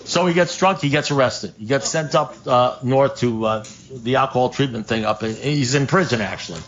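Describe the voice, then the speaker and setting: A man with a mid-range, fairly bright voice tells a story at normal speed to a live recovery group in a meeting room. His delivery is loose and conversational, with wry asides, restarts, and acted-out dialogue, captured on a dull lo-fi room recording with faint noise.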